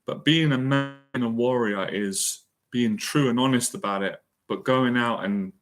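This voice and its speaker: A man's voice: medium pitch, a little slow. A man giving a motivational talk as an anxiety and confidence mentor, earnest and emotional, repeating phrases for emphasis. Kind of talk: motivational monologue.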